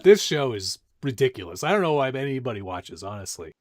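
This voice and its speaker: A man's voice: mid-range voice, sing-song, brisk, darkish tone, no echo, clean studio sound. A man co-hosting a live stream, chatting casually, teasing his co-host and reading viewer comments aloud. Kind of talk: casual chat.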